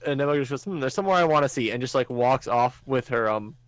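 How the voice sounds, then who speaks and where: A man's voice: mid-range voice, expressive, quick pace, no room sound. Guy rambling thru an episode recap, lots of ums, dry close sound. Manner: rambling, lots of "um" and acted-out quotes. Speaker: podcast co-host. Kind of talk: casual chat, recapping an episode.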